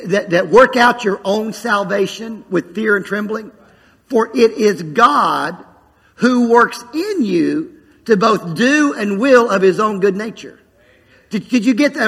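A male pastor preaching in a church sanctuary, his voice high and bright with a husky, gravelly grain. He keeps calling out to the congregation for a response. A long hall reverb trails behind his words. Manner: preaching with call-outs to the congregation. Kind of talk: sermon.

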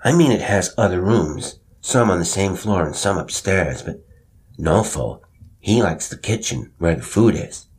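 An insistent little girl, as a male narrator puts her on, quick to correct. The narrator raises his voice for her. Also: deep voice, lively intonation, darkish tone, pitched above the performer's own voice.

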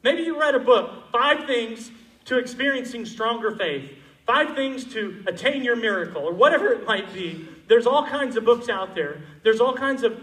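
A male pastor preaching a sermon, moving between loud, emphatic passages and quiet, intimate ones. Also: very high voice, expressive, normal speed, reverberant, distant mic, poor audio.

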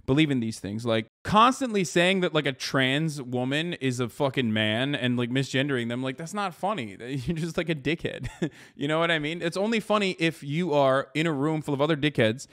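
A man's voice: a little high, expressive, moderate pace, fairly bright tone. A young man hosting a live stream, ranting in profane, sarcastic commentary straight to his chat. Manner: profane, sarcastic, heated rant. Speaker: streamer host.

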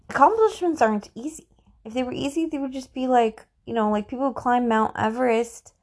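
Gravelly-voiced woman giving a pep talk. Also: fairly high pitch. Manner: encouraging, chatty, repeats herself. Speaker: motivational podcast host. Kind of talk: motivational talk.

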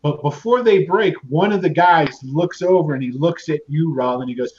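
A man's voice: fairly high pitch, normal speed, darkish tone. A man narrating as game master of a tabletop game, casual and rambling with lots of fillers and restarts. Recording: muffled lo-fi audio with clear background noise.

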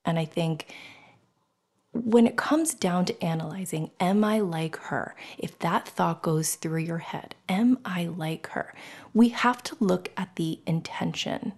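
Unhurried and gravelly, with a lowish pitch, a middle-aged woman hosts a personal podcast full of candid, emotional talk and free swearing. She animatedly acts out scenes, slipping into whispers and voices.

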